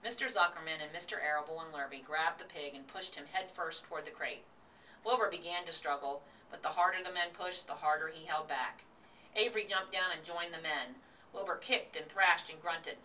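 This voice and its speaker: A woman reading a children's book aloud in a steady storytelling voice, recorded from a distance with faint hiss. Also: low voice, brisk. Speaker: reader.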